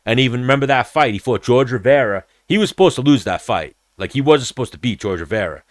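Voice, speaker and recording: A man chats on a combat-sports podcast in a blunt, rambling way and swears freely. His voice sits at a mid pitch. It is recorded close and dry. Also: lively intonation, fast talker, no room sound. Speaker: podcast host. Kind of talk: casual combat-sports chat.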